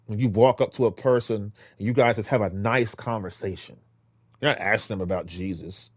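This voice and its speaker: A man gives casual, rambling street-preaching advice, urging listeners on with frequent restarts. He swings from loud, emphatic bursts to low mutters, speaking fairly quickly with no echo.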